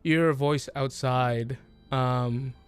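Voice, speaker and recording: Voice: mid-range voice, fairly even intonation, slow, clear, resonant tone, soft background music. A game master narrating a tabletop game, hesitant with many fillers and frequent laughter.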